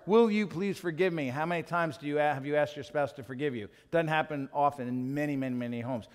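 A man preaching a sermon as pastor, animated and acting out little scenes as he teaches. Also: a little high, quick pace, few pauses, clear, resonant tone. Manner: animated, acts out quotes in other voices. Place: church. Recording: long reverb of a church hall.

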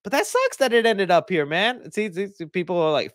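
A man's voice: sits high, big pitch swings, a little fast, few pauses, fairly bright tone, dry recording, clean studio sound. A man who reviews movies, giving casual reaction commentary with rambling, jokey asides.

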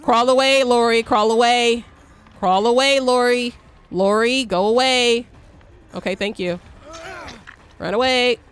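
A young woman streams a video game, talking through it with excitable commentary. She swears freely, cheers on her teammates, and breaks into shrieks when she is chased. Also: a little high, a little slow, pauses often, a little hiss or hum. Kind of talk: live gameplay commentary.

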